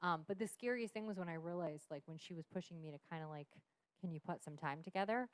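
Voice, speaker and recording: A woman's voice, on the low side and fast, with no room sound. She's in her thirties and a guest on a podcast, candidly recounting something from her own life while swearing and laughing a lot.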